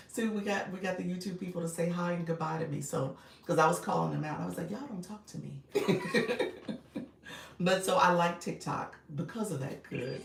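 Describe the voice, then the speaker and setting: A woman's voice: on the low side, creaky. A woman with a Chicago accent, a livestream coach chatting casually on a live stream, greeting viewers by name and laughing often. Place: home setup with phone on a stand. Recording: echoey room, mic at a distance, faint noise.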